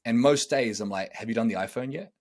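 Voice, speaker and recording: A man's voice: mid-range voice, quick pace. A man, hosting a podcast as a relationship coach, talking bluntly and acting out different tones of voice. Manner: blunt, emphatic, acts out tones of voice. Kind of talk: casual podcast conversation.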